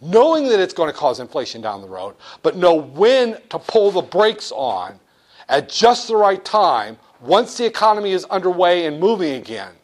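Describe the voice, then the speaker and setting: A male economics instructor lecturing in an animated, blunt way, with jokey asides. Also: sits high, moderate pace. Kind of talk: lecture with acted-out role-play.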